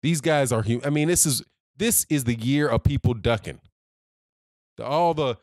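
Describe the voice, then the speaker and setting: A man's voice: medium pitch, normal speed, a little mellow, no room sound, clean studio sound. A man ranting heatedly as a boxing commentator, slangy and repeating his points for emphasis. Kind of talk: ranting opinion vlog.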